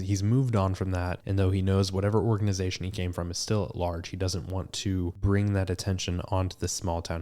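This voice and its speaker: Man, very low voice, casual tabletop game chat, thinking aloud, guest player. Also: a little mellow. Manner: thinks aloud, building ideas as he goes. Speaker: guest player creating a character.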